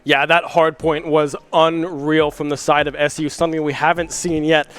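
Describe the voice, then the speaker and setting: High-voiced young male esports caster. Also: little pitch movement, smooth. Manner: rapid play-by-play, rising at big plays. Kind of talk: live esports commentary.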